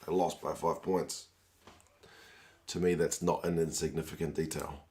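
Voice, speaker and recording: A man, hosting a sports watch-along stream, chatting with viewers by name while his voice is hoarse and going. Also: a bass voice, level tone, moderate pace, darkish tone. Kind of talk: live stream chat reading viewer comments.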